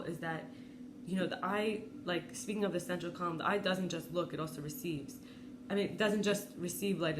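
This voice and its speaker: A woman talking reflectively and reading personal letters aloud in a soft, halting, confessional way. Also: on the low side. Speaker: wellness vlogger. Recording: echoey room with faint ambient noise.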